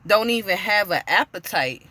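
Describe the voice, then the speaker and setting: A woman giving an informal sermon to camera, earnest and full of direct questions, often repeating herself and pausing with "you know" and "um". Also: mid-range voice, expressive, bright, forceful tone. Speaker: spiritual teacher.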